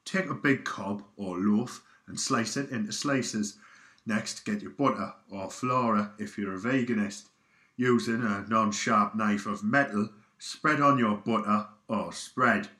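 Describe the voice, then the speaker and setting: A man voicing a hairy, gruff male Geordie biker cook with a Geordie accent, giving a deadpan comic recipe demonstration in an echoey recording. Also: on the low side. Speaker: recipe presenter. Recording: echoey, sounds like a station tannoy.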